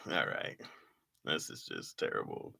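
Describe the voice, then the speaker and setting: A man's voice: a bass voice, big pitch swings, unhurried, gravelly, bright, forceful tone. A man reading his old jokes aloud to a live chat in casual talk, laughing at them and mocking himself.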